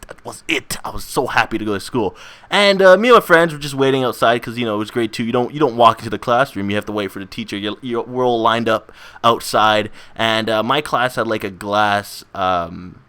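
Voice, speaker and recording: A man's voice: lowish voice, a bit bright, clean tone. A young man telling a childhood story to camera in a rambling, casual way, laughing often and restarting his sentences. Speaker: gaming channel host.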